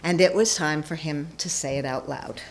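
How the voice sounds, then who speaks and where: A woman's voice: sits low, moderate pace, gravelly, slight background noise. A woman telling a personal story onstage before a live audience, playful and self-mocking.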